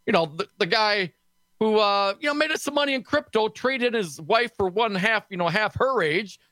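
A man co-hosting a political talk radio show in a studio, sarcastic and snarky, talking fast with lots of restarts. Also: sits high, animated, bright, forceful tone, no echo.

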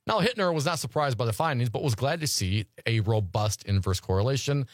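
A man's voice: mid-range voice, lively intonation, fairly quick, no room sound, studio quality. A man hosting a talk radio show, reading news articles aloud and riffing on them casually.

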